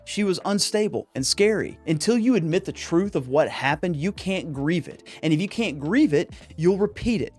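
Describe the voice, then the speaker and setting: Man, podcast host, emphatic preacher-like monologue, slightly high pitch, faint music underneath. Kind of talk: earnest podcast monologue on psychology.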